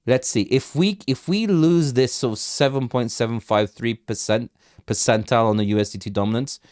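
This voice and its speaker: A man's voice: mid-range voice, normal speed, darkish tone, no echo, studio quality. A man hosting a live crypto chart stream, chatting loosely, repeating himself and asking viewers for questions. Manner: rambling, repeats words, asks chat for questions. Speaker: crypto livestream host. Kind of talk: casual live market commentary.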